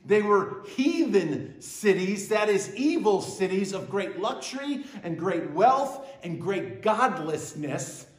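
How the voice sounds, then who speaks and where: A man preaching a sermon with emphatic delivery, repeating key phrases and swelling louder on them. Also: high-pitched, very animated, slow pace, hardly any pauses, roomy sound. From western New York. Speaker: pastor.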